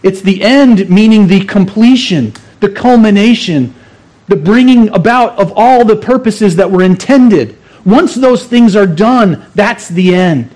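High-voiced man preaching an earnest sermon. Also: a little slow, a little mellow. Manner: earnest, emphatic teaching with repeated phrases. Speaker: pastor.

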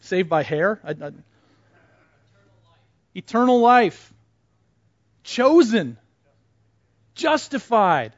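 A man's voice: high-pitched, very animated, very slow, long pauses, dry recording, lo-fi sound. A man teaching a Bible study class in a conversational way, putting questions to the group and repeating their answers back to them.

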